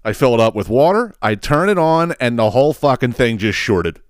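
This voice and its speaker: A man's voice: mid-range voice, sing-song, brisk, clear, resonant tone, no room sound, studio quality. Profane, rambling male podcast host. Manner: profane, rambling, self-interrupting, laughs at own story. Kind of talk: casual storytelling monologue.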